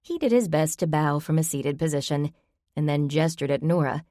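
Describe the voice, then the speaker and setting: A woman's voice: sits low, expressive, moderate pace, mellow, dry recording, studio quality. A woman narrating a cozy mystery novel with a light, wry delivery. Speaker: audiobook narrator. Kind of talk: scripted narration.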